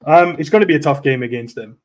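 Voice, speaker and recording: A young man, co-hosting a casual football chat in a relaxed, agreeable way. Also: on the high side, quick pace. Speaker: football podcast co-host.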